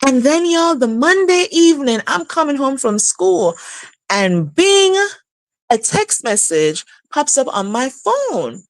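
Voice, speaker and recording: Slow-talking woman in her thirties, lively story. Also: no echo. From outside the U.S. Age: 30s. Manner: animated, laughs often, jumps up high for emphasis. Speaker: guest telling her story on a live stream. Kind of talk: casual storytelling on a live stream. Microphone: live stream setup.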